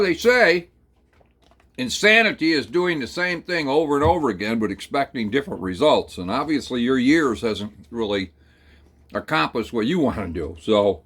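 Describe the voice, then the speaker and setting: A man telling a rambling, folksy second-person story, talking slowly through it with plenty of hesitations and fillers. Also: on the high side, a bit bright. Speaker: channel host.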